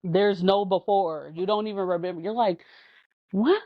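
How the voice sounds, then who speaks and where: A woman guest on a podcast, telling lively stories and acting out what others said, laughing often. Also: medium pitch, moderate pace, dry recording. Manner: animated, acts out quotes with laughs. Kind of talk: casual storytelling chat. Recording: dull, lo-fi podcast audio.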